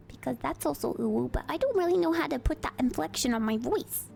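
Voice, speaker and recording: Lively high-voiced woman streamer. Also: brisk, gravelly, few pauses. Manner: chatty, thinks aloud, playful. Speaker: live streamer. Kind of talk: casual livestream commentary while building in a game.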